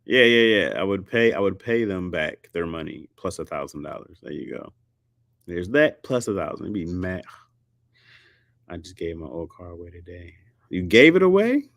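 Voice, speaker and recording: Casual male streamer from the US, low voice, very lively, jokey delivery, dry close mic. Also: moderate pace, vocal fry, no room sound. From United States. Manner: animated, joking, jumps into high squeaky pitch for emphasis. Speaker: streamer host. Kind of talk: casual chat.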